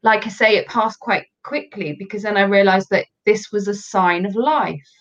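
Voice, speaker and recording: A woman guest in a casual chat, telling personal stories in an animated, candid way. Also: medium pitch, normal speed. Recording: dull lo-fi audio.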